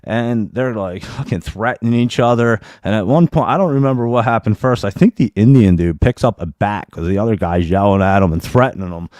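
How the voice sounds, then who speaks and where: A man's voice: on the low side, fairly quick, few pauses, no room sound. Guy on his live show telling a crazy story, curses a lot, laughs along, dry close sound. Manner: profane, animated, laughs through his story. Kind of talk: casual storytelling.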